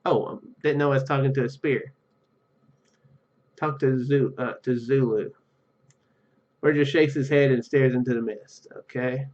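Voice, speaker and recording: A man's voice: medium pitch, fairly even intonation, a little slow, pauses often, a little mellow, dull audio. A man hosting a let's play, reading game text aloud and joking about himself as he goes. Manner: joking and self-deprecating, laughs at own jokes.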